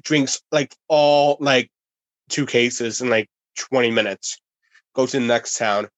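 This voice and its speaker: A man's voice: medium pitch, measured pace, dry recording, dull audio. A man telling a wild story on a casual podcast, with lots of fillers and cursing. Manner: animated anecdote-telling, heavy filler and swearing.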